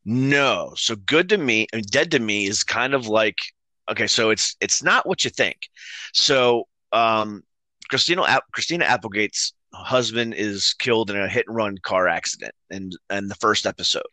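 This is a man in his thirties with a lowish voice and a bright, forceful tone. He co-hosts a casual chat and rambles through anecdotes with fillers and easy laughs, recorded dry and close. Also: moderate pace, dry recording. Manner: relaxed storytelling with laughs and frequent fillers. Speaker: co-host.

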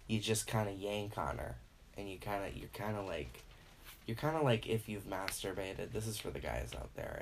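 A man with a fairly low voice talks through a loose comic monologue as a podcast host. He swears easily, slips into mocking voices for other people, and gets louder as a rant builds. A faint noise sits under the recording. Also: vocal fry. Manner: rambling, profane, acts out voices of others; animated, grows louder when worked up. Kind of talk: casual comedic monologue.

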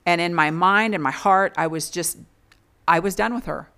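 A woman's voice: lowish voice, normal speed, fairly bright tone, clear, resonant tone. A woman as an interview guest, frankly and earnestly recounting her own past, often restarting her sentences. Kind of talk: candid personal storytelling.

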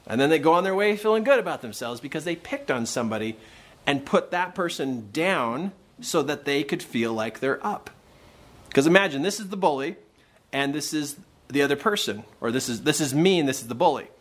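A man's voice: fairly high pitch, brisk. A man hosting a podcast, giving motivational advice on dealing with bullies and acting out the people in his stories. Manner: animated storyteller acting out quoted voices. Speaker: podcast host and coach. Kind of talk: motivational talk. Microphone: podcast microphone.

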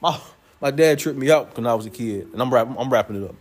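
A young man preaching a sermon to his congregation, loud and playful, joking with them as he goes. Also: mid-range voice, quick pace. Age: young adult.

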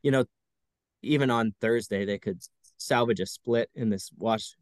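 A man's voice: lowish voice, unhurried, no echo. Guy hosting a sports podcast, wry and chatty, dry close sound. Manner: wry, chatty, self-mocking. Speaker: podcast host. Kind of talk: casual baseball chat.

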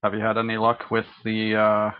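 A man's voice: fairly low pitch, monotone, moderate pace, clear, resonant tone, no echo, narrow, tinny audio, close to an everyday voice. A man playing a formal security officer who speaks politely and hesitantly.

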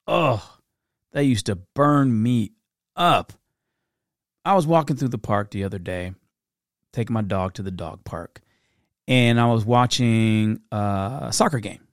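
A middle-aged man telling animated parenting stories in a casual monologue, breaking into quick impressions. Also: lowish voice, dry recording, clean studio sound. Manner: animated storytelling with impressions and laughs. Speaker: parent giving advice.

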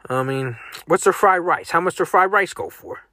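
A man's voice: sits high, normal speed, pushed and bright, no echo, studio quality. A man hosting a casual solo podcast, joking and swearing as he reacts aloud to what he browses online. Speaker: podcast host.

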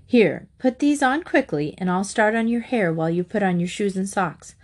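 A woman voicing an exasperated mother who hurries her children along in a sharp, hurried voice. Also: medium pitch, animated, lightly acted. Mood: brisk.

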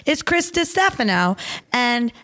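A woman chatting on a podcast, joking and chiming in with quick quips. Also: fairly high pitch, very animated, pushed and bright. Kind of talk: casual chat.

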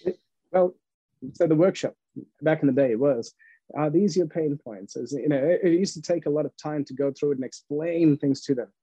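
Animated husky-voiced man telling stories. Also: on the high side, brisk, dry recording, muffled recording. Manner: animated storyteller, laughs often, acts out dialogue. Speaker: podcast guest, entrepreneur. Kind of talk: casual storytelling interview.

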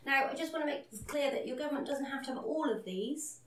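A woman's voice: high voice, quick pace, reverberant, a little hiss or hum. A woman co-hosting a podcast in casual chat, with a dry, sarcastic manner. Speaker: podcast co-host.

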